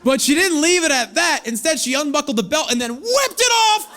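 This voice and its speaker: Thirties guy doing standup, real high voice, acts out all the bits, faint crowd laughing. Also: brisk, slight background noise. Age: 30s. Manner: animated storytelling, acting out voices. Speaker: stand-up comedian. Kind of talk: stand-up comedy set. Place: comedy stage before a live audience.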